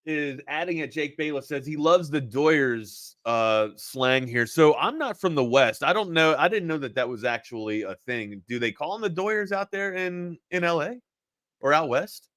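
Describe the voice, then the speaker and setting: Opinionated higher-voiced sports talk man. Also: expressive, normal speed, fairly bright tone, no echo, studio quality. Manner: opinionated, asks pointed questions, repeats words. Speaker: sports talk show co-host.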